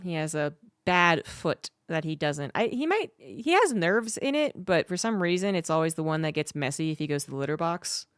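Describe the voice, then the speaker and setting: A woman streamer chats casually to her viewers and tells a rambling story with some cursing. Her voice is a little low and smooth. The sound is dry and close to the mic. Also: sing-song, moderate pace, hardly any pauses, no echo. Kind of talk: casual livestream chat.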